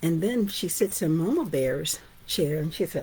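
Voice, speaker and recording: A woman's voice: sits low, lively intonation, normal speed, warm tone, breathy edge. A woman author and teacher giving an informal storytelling lesson, chatty and often asking "right?". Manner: chatty, asks "right?" and "guess what?".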